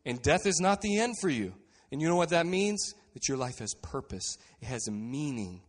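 Earnest and steady, a pastor preaches at normal speed in a slightly high voice. He lowers to a hush for key phrases, and a long reverb tail follows his words.

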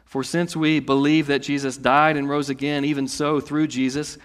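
A man's voice: a little high, little pitch movement, moderate pace, smooth. Man preaching in a reverberant hall. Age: late 30s. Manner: conversational preaching, swinging from loud to hushed. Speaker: pastor. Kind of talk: sermon.

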